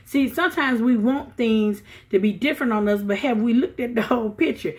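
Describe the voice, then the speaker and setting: A woman's voice: on the high side, brisk. Chatty middle-aged woman giving pep talk. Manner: animated, chatty, frequent restarts and asides to viewers. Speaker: vlogger giving life advice. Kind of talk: casual motivational talk to camera.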